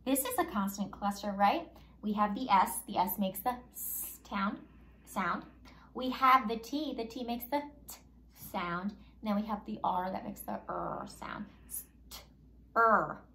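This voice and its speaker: A woman teaching a phonics lesson to young children, sounding out letters slowly and with exaggeration, and prompting and praising the class in an upbeat way. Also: mid-range voice, expressive, a bit bright.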